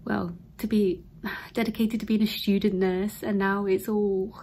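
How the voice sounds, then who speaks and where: This English-accented vlogger in her thirties, newly qualified as a nurse, speaks to camera from a cleared-out room at home in a medium-pitched, warm voice that barely moves in pitch and runs a little slow. Tearful and emotional, she keeps breaking into whispers during the casual talk.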